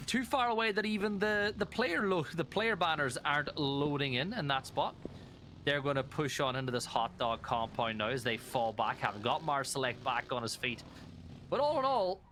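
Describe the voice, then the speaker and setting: An Irish man co-casting a live esports match with steady, bantering play-by-play. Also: fairly high pitch, noisy background. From Ireland. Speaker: esports co-caster.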